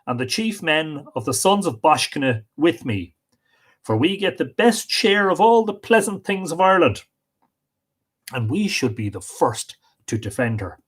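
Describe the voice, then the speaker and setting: A man's voice: a little high, sing-song, a little slow, breathy edge, exaggerated voice. A man voicing an eager young legendary warrior in a myth retelling, speaking earnestly and declaiming. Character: bold young male warrior, eager to fight.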